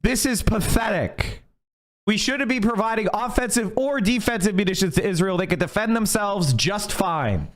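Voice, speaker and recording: Angry high-voiced male political ranter. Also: expressive, moderate pace, hardly any pauses. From United States. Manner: angry, profane, fired up. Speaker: streamer. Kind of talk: political rant.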